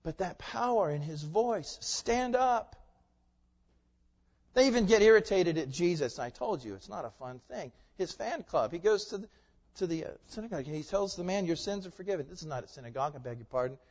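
A male pastor preaching a sermon, moving from quiet, conversational asides to loud, forceful proclamation. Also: a little high, animated, quick pace, slightly rough. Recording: muffled sound with long hall reverb.

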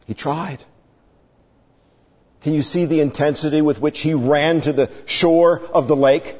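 Preaching a sermon in a fairly high, steady voice at a slightly slow pace, a man acts out the story's characters with dramatic vocal swings. The recording sounds dull, with long reverb.

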